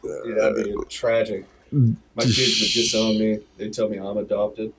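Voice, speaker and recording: A man guesting on a comedy podcast, an excitable, jokey storyteller in casual chat. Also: on the low side, a little slow, background noise.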